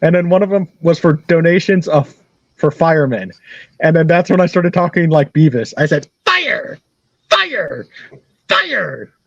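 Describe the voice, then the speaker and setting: A man's voice: on the high side, fairly quick, darkish tone, no room sound. Rambling man on a dull lo-fi recording. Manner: rambling, repeats phrases, laughs at own stories. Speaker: interview guest. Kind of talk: casual storytelling.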